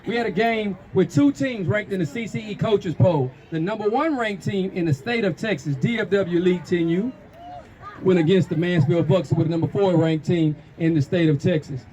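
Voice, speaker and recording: A man's voice: high voice, moderate pace, mellow, rough recording. Upbeat man hosting a youth football show. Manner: upbeat promoter's hype, punchy short phrases. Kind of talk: sideline interview after a game. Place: outdoors at a football field.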